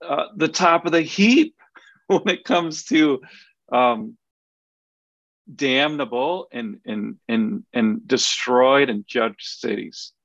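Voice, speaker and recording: A man's voice: mid-range voice, slow, fairly bright tone, no room sound, muffled recording. A man co-hosting a podcast, explaining a Bible passage in an earnest, conversational way, restarting his sentences often as he thinks aloud. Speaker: podcast co-host.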